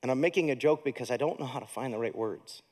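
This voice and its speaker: A man preaching a sermon as pastor, passionate, moving between hushed reflection and excited exclaiming. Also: mid-range voice, quick pace. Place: church stage.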